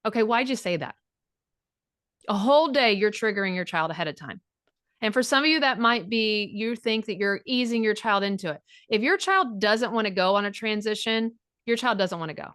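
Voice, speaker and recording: A woman's voice: medium pitch, animated, brisk, a bit bright, dry recording. Frank, no-nonsense woman coach, mid-range voice, dry close sound, acts out little dialogues. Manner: blunt and frank, acts out quoted dialogue, swears freely. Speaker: divorce recovery coach. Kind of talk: direct coaching talk.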